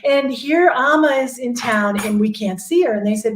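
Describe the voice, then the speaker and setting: A woman telling a story in casual chat, lively and laughing, acting out what people said. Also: a little high, normal speed, slight background noise. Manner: animated, laughing, acts out quotes. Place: Sedona, Arizona. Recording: echoey room.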